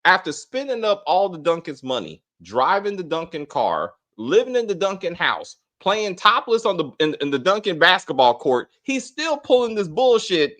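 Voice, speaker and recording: A man's voice: high voice, very animated, moderate pace, hardly any pauses, fairly bright tone. A man hosting a casual spoiler review of a TV episode, blunt and profane, often laughing. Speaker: host of a TV episode review channel.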